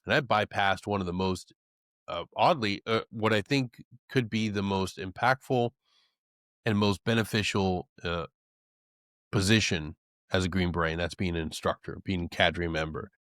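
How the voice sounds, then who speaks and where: A man hosting a podcast, talking in a casual, profane, animated way. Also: low voice, normal speed, no room sound, studio quality. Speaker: podcast host. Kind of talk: casual conversation.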